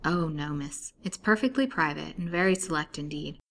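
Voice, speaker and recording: A woman's voice: sits low, expressive, normal speed, vocal fry, slight background noise. A woman voicing a kindly female asylum nurse who talks in a placid, soothing way.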